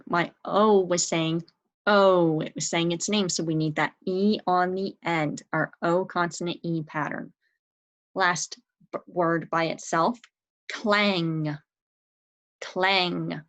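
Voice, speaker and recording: Slow, patient woman teaching spelling. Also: fairly low pitch, steady tone, low-quality recording. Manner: sounds out and spells words letter by letter; patient, encouraging. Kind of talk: slow spelling lesson for young children.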